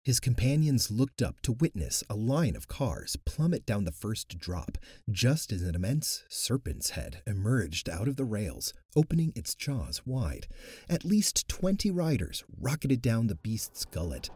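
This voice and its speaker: A man narrating an audiobook in an expressive, animated way, close to the mic. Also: fairly low pitch, unhurried, husky, no echo.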